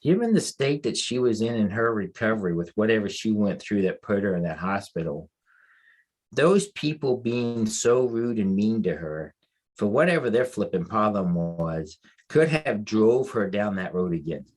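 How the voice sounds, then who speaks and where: An American man co-hosting a veterans' podcast, and a mental health advocate, narrates a story in an animated, lowish, darkish-toned voice at normal speed. He rambles casually, often restarting, and emotion comes through.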